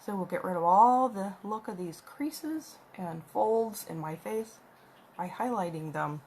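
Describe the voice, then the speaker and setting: A woman's voice: medium pitch, expressive, a little slow, a little mellow, slight background noise. Chatty woman doing a makeup tutorial. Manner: rambling, chatty, talks while applying makeup. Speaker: makeup vlogger. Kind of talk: casual makeup tutorial chat. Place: at home with her cat. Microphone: phone camera.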